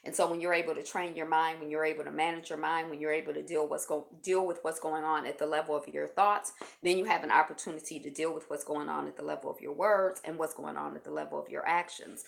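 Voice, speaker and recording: Woman host on a home livestream, lowish gravelly voice, reads aloud then riffs casually to her viewers. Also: steady tone, fast talker, hardly any pauses. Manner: reads passages aloud, stops to muse and joke to viewers. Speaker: live stream host. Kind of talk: casual reflective reading and chat. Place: indoors at home. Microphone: built-in camera mic.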